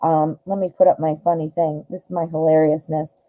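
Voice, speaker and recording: A middle-aged woman hosts a live-stream tarot reading in a chatty, easygoing way, talking straight to her viewers. Her voice is very dark and mellow and sits a little low, and she often laughs at her own jokes. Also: flat delivery, a little fast, low-quality recording.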